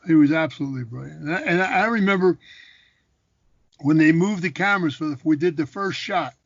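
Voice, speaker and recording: A man's voice: on the high side, fairly quick, creaky, no echo. Older man telling stories, dull dry sound. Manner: animated anecdotes with repeated phrases. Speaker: guest, actor and former boxer. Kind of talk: casual storytelling.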